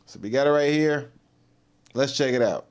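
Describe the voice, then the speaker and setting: A man's voice: mid-range voice, moderate pace, darkish tone, smooth. A man hosting a casual livestream, reacting to clips in a laid-back, rambling way and giving motivational advice. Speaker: livestream host.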